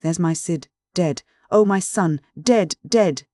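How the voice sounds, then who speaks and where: A man's voice: on the high side, normal speed, a little mellow, no room sound, clean studio sound, close to an everyday voice. A man voicing an old grieving village widow who whimpers and wails in country dialect. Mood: wailing. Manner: country dialect, wailing and quavering.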